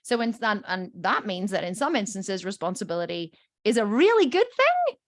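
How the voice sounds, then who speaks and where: A woman's voice: medium pitch, very animated, moderate pace, no room sound, studio quality. A woman coach teaching a group, telling stories with lots of "okay?" and "right?" check-ins and acting out the voices in them. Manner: acts out voices in quotes.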